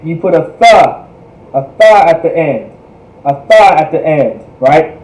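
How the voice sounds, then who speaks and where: A man's voice: a little high, lively intonation, unhurried, darkish tone. A man teaching a language class in a livestreamed lecture, patiently repeating words to drill their pronunciation. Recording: echoey room.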